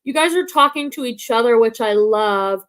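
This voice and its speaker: A woman with a high, lively voice hosts a casual live stream. She chats freely, laughs often and fills her talk with likes and you-knows. She sounds middle-aged. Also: moderate pace. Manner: chatty, warm-hearted, laughs often, many fillers. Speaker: livestream host of a reselling channel. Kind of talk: casual live-stream chat reading comments.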